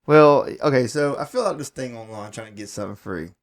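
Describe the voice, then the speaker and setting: A man's voice: medium pitch, fast talker. A man co-hosting a casual podcast, telling stories with energy and often repeating words as he goes. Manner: animated storyteller, stumbles and repeats words. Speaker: podcast co-host. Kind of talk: casual storytelling chat.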